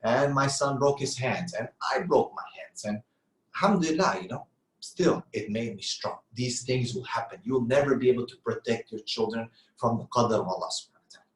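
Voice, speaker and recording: A man's voice: mid-range voice, a little fast, roomy sound, low-quality recording. A middle-aged man giving an earnest sermon-style talk on parenting, asking rhetorical questions and answering them himself. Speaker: Islamic lecturer.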